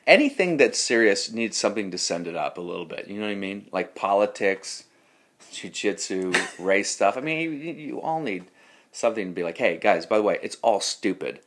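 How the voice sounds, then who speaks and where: A man, a comedian guest in a casual podcast chat, telling animated stories and acting out other people. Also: lowish voice, normal speed. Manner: animated storytelling, acts out other people with raised voice.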